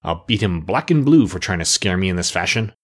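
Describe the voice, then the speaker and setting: A man voicing a gruff, shrewd old witch in an audiobook, with a husky, lowered voice. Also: animated, a little fast. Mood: gruff scheming. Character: scheming cackling old witch woman. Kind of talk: audiobook character voice.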